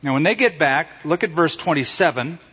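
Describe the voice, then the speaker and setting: A man preaching a sermon as a pastor, telling stories in an animated way and acting out the voices he quotes, recorded in a church sanctuary. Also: a little high, brisk, husky. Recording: reverberant hall, dull lo-fi sound.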